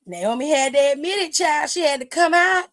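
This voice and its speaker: A woman host giving a sassy, gossipy recap of a wrestling show in casual chat, retelling it with lively energy. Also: sits high, normal speed. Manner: sassy, gossipy, exclaims "child" often; animated retelling with lively quoted voices. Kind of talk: casual chatty commentary.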